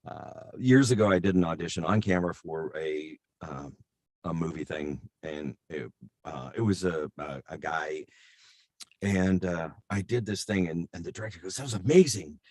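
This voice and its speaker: A man's voice: low-pitched, moderate pace, a little mellow, dry recording, clean studio sound. A middle-aged man, a voice actor, telling stories in a casual interview, rambling with many fillers and restarts. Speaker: voice actor guest.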